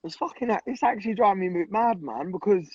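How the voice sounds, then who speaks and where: Husky-voiced blunt young man. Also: high-pitched, lively intonation, quick pace, no echo, lo-fi sound. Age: 20s. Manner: blunt, swears a lot, repeats for emphasis. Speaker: guest. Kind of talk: casual chat.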